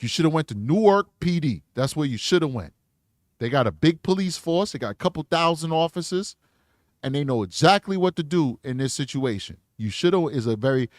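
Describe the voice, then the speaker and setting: A man's voice: on the high side, a little mellow, dry recording, studio quality. A man hosting a true crime channel, commenting bluntly in slangy casual talk while reading posts aloud.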